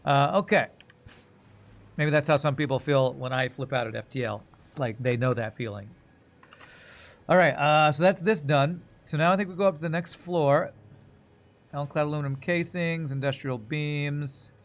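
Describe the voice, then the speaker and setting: A man's voice: on the high side, normal speed. A man streaming a game live, thinking aloud in rambling, self-mocking casual commentary.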